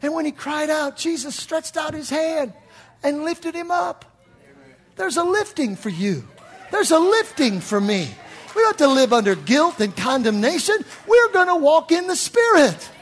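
An older man preaching a sermon in a church, animated, swinging from hushed talk to shouts. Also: very high voice, moderate pace. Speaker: pastor.

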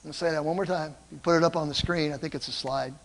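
An older man preaching a sermon, telling stories in an animated way and calling out to the congregation. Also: a little high, rapid-fire, big-room sound. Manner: animated storytelling, calls out to the congregation. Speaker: pastor. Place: church.

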